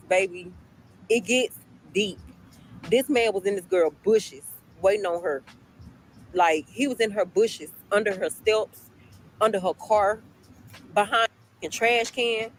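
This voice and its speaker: A woman's voice: mid-range voice, a little slow, long pauses, a little hiss or hum, rough recording. A woman casually telling a storytime to her viewers, chatty, repeating herself and addressing the audience often, recorded while on a break at work. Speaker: storytime vlogger.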